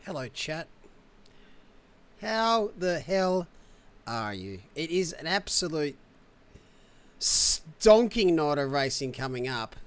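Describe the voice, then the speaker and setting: High-pitched guy hosting a race stream, bantering and hyped, slangy. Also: big pitch swings, slow, long pauses, clear, resonant tone. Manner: upbeat, jokey banter with slang. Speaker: race broadcast host. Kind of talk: livestream race show hosting.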